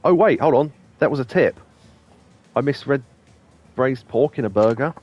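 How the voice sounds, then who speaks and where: A man's voice: mid-range voice, normal speed, darkish tone, muffled recording. A man hosting a let's play, talking casually and rambling with plenty of ums and asides. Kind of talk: casual gameplay commentary.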